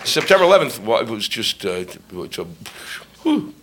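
A man doing a stand-up comedy routine on stage, ranting and profane, shouting his punchlines. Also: fairly low pitch, big pitch swings, normal speed. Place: comedy stage before a live audience. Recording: live club audio with ambient noise.

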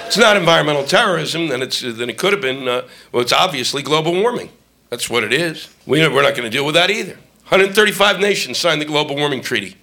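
A man performing a stand-up comedy set, ranting and profane, shouting his punchlines, recorded live on a club stage before a laughing audience. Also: fairly high pitch, expressive, fairly quick.

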